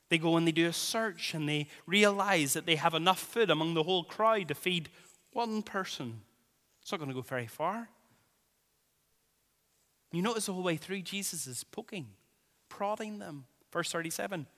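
Slow, bright-voiced preacher in a reverberant hall. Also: male voice, fairly high pitch, expressive. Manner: dramatic preaching, swells and drops in volume, repeats phrases for emphasis. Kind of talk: sermon.

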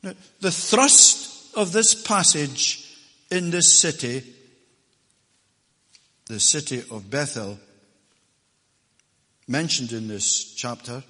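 A man with a Scottish accent, from Lanarkshire, preaching a sermon as a visiting preacher, emphatic and swinging between loud declarations and hushed asides. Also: medium pitch, animated, takes it slowly, long pauses, in a large hall. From Lanarkshire, Scotland. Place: church.

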